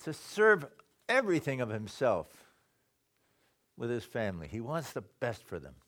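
Man preaching, very animated pitch, loud emphasis and hushed asides, sermon. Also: normal speed. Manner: lively, shifts between loud emphasis and soft low asides. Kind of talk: sermon reading and explaining scripture.

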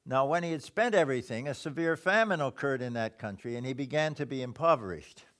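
A man preaching a sermon, reading scripture aloud and explaining it, swinging between loud emphasis and quiet low asides. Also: lively intonation, brisk.

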